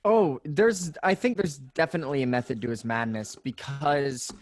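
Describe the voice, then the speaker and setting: A man co-hosting a casual podcast chat, relaxed and agreeable, often pausing on "uh" and "um". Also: mid-range voice. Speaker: podcast co-host.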